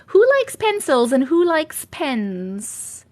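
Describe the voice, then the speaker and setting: A woman with a New York accent chats loosely on a live stream, hopping from one thought to the next and laughing often. Her voice sits a little high. She talks in a relaxed, unscripted way as the host. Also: slow pace. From Long Island, New York. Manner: rambling, chatty, scattered. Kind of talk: casual live-stream chat.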